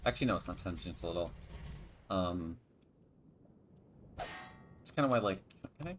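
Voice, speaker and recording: Give me a low-voiced man chatting over a game stream, talking in loose, rambling stretches full of restarts. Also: animated, moderate pace, pauses often, noisy background. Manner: rambling, with many restarts and sudden bursts. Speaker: stream co-commentator. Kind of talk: casual gaming chat.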